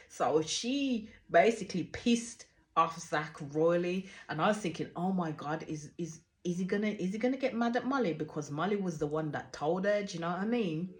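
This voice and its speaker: A woman's voice: lowish voice, expressive, moderate pace. A woman hosting a casual reaction review of a TV show. She talks animatedly, swears freely, and often trails off and starts her sentences again. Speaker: reality TV reaction host.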